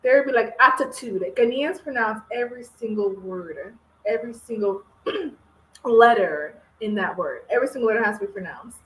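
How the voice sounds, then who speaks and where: A woman from the Congo co-hosting a reaction video in casual, animated chat, laughing often. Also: fairly high pitch, brisk, echoey room, poor audio. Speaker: co-host of a reaction channel.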